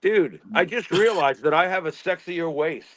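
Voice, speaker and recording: A man's voice: fairly high pitch, moderate pace, a bit bright. A man co-hosting a casual wrestling talk show, sarcastic and swearing freely. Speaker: co-host.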